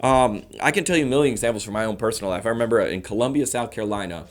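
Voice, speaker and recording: A man in his thirties hosting a comedy show, ranting fast to camera and slipping into mock voices. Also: on the low side. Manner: rapid, animated rants with mock voices. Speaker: comedian host.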